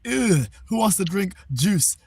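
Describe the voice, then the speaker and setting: Outdoors, a man livestreams from a phone on a tripod, chatting casually and boastfully trash-talking his viewers in a playful way. His voice is a little high and moderately paced, with no room sound.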